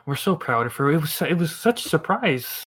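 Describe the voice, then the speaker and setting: A man's voice: a little high, big pitch swings, moderate pace, fairly bright tone, a little hiss or hum. A man voicing a polite middle-aged farmer who talks with homely, slightly hesitant courtesy about his family. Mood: proud homely.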